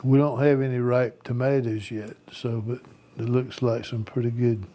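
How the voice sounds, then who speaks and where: An American man co-hosts a gardening show and chats in a plainspoken, easygoing manner. His voice has a mellow, darker tone at an ordinary pitch for a man. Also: flat delivery, normal speed. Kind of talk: casual chat.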